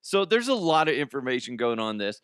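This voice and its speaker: A man's voice: mid-range voice, a bit bright, clean tone, dry recording, studio quality. A man hosting a comic news podcast, rambling and joking with frequent laughs. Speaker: podcast host.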